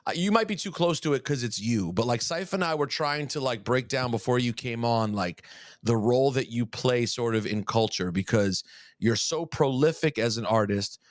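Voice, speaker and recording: A man's voice: mid-range voice, moderate pace, no echo, clean studio sound. A man co-hosting a casual podcast interview, asking long, rambling questions with a lot of restarts. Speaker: podcast co-host.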